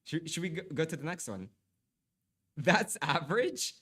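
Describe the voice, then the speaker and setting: Slightly high and husky yet a bit bright, his voice has a sing-song lilt at normal speed. The young man is casually chatting with his livestream viewers and reading aloud, frequently apologizing and stumbling over repeated words, his nose a little blocked by allergies.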